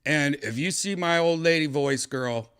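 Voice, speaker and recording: Rambling, halting podcast host man. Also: a little high, fairly bright tone, clear, resonant tone. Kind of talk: casual chat.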